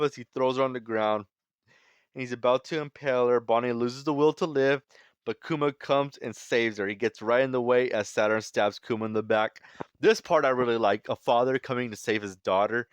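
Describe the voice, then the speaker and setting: A man's voice: mid-range voice, steady tone, normal speed, clear, resonant tone, no room sound. A man giving a casual spoken review of a manga chapter, sarcastic and critical, with lots of filler phrases.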